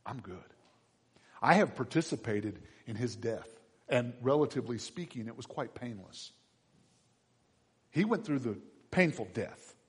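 A man preaching a sermon as a pastor, dramatic, dropping to a hush and then rising high and loud. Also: expressive, moderate pace, slightly rough. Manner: dramatic, swings from hushed to shouting. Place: church. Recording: long reverb of a large hall.

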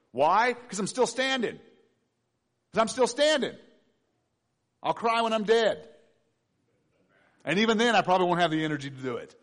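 A middle-aged man preaching a sermon, swinging between loud emphatic bursts and quiet asides, acting out prayers and quoted voices. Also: high voice. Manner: acts out his own prayers and quoted voices.

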